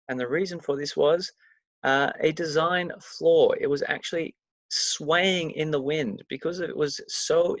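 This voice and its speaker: A man's voice: fairly high pitch, vocal fry, dry recording. A man presenting a daily history explainer, talking his way through dates with dry, facetious asides. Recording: dull, lo-fi, dry mic sound.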